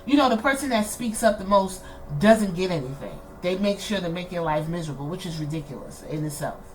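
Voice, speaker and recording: A woman's voice: fairly low pitch, animated, fairly quick, low-quality recording. A woman hosting a podcast, frank and blunt in casual commentary, swearing freely. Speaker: podcast host. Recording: faint background noise.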